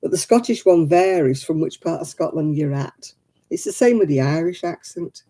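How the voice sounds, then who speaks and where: A woman's voice: sits low, lively intonation, normal speed, dark tone. A woman hosting a casual livestream chat, talking to viewers by name and laughing often. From England. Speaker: livestream host.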